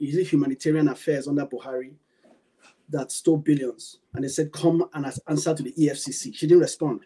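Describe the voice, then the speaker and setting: A man's voice: on the high side, warm tone, slightly rough, low-quality recording. A man with a Nigerian English accent, speaking as a panel guest and giving impassioned commentary that repeats points for emphasis. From Nigeria, Benin (Edo). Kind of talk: impassioned talk-show commentary.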